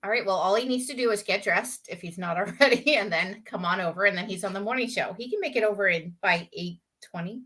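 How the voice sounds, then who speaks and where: A woman's voice: mid-range voice, quick pace, hardly any pauses, bright, forceful tone. A woman with a Southern US accent, co-hosting a casual live video chat, teasing and laughing often. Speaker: co-host.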